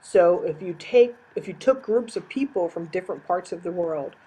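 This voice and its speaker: A woman's voice: lowish voice, animated, moderate pace, mellow, breathy edge, poor audio. A woman teacher giving a recorded lecture, explaining terms step by step and repeating key definitions.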